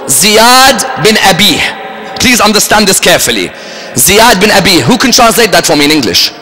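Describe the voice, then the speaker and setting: A man's voice: high-pitched, big pitch swings, normal speed, pushed and bright. A man giving a sermon, emphatic and fond of rhetorical questions to his audience. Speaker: religious lecturer. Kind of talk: Muharram majlis sermon. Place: large religious center hall. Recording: echoey hall.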